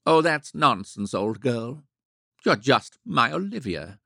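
A man reading the part of a flustered but self-assured gentleman in an audiobook, blustering and fussily soothing. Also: mid-range voice, very animated, slow pace, gravelly, no room sound, studio quality, voice pushed up, full character voice. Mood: fussy.

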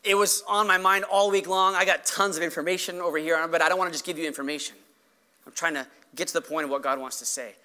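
A man preaching a sermon as pastor, earnest and conversational, often checking in with the congregation with a quick tag question. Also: on the high side, steady tone, pushed and bright, clear, resonant tone.

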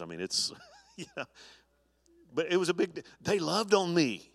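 Middle-aged pastor preaching in a reverberant church. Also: male voice, medium pitch, big pitch swings, normal speed, fairly bright tone. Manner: earnest preaching with many restarts. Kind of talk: sermon. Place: church sanctuary.

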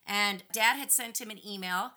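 A middle-aged woman, a podcast guest, telling a story in a casual, indignant and animated way. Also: mid-range voice, normal speed. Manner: animated, indignant retelling with lively acted-out quotes.

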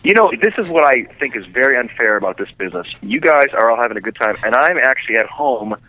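A man's voice: medium pitch, lively intonation, quick pace, sharp tone, no room sound, poor audio. A man calling in to a radio chat as a film director, joking and self-mocking.

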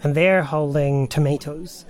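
Relaxed man narrating a tabletop game. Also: a little high, measured pace. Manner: relaxed, chatty narration with frequent laughs. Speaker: game master.

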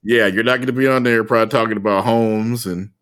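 A man's voice: fairly low pitch, fairly even intonation, quick pace, a bit bright. A man co-hosting a podcast, explaining his points in casual chat with hesitant restarts. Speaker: podcast co-host.

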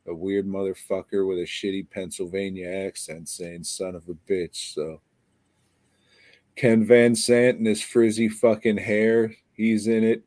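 A man with a lowish voice talks slowly and wearily, as if he's running on empty. He rambles through a sarcastic, profanity-laced movie rant on a podcast. The sound is dry and close. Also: little pitch movement, a little mellow, no room sound. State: tired. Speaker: podcast co-host. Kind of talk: casual profane movie review chat.

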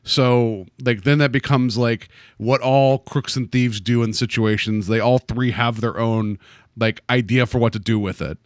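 A man's voice: mid-range voice, fairly even intonation, measured pace, no echo, clean studio sound. A man chatting casually about an episode, rambling with lots of "like" and "um". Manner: rambling, heavy use of "like" and "um". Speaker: podcast co-host. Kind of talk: casual chat.

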